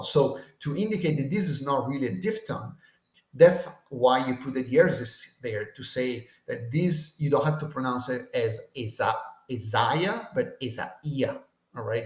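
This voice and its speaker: Man teaching Greek in a roomy echo. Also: mid-range voice. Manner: checks in with "okay?" after almost every point. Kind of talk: Bible language lecture.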